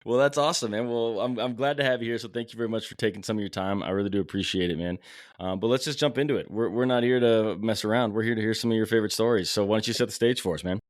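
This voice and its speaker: A man hosting a hunting podcast, talking casually and warmly, calling his guest brother and man. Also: fairly low pitch, no room sound, clean studio sound. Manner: friendly, fast, calls guest brother and man. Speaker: podcast host.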